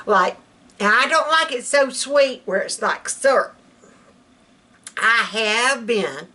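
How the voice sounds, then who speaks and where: This woman, a home cooking vlogger from South Alabama, talks with viewers while cooking at home, using a Southern accent and calling them girl and baby. Her fairly high voice sounds animated, pushed, and bright, and she goes a bit slowly.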